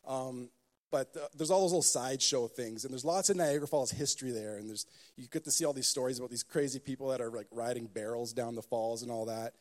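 A pastor preaching a sermon, telling stories with joking asides and building emphasis. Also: male voice, mid-range voice, darkish tone.

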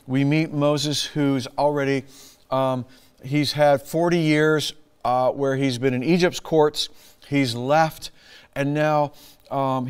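A middle-aged man preaching a sermon, animated, laughing often and acting out lines in a raised voice. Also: mid-range voice, clean tone. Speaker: pastor.

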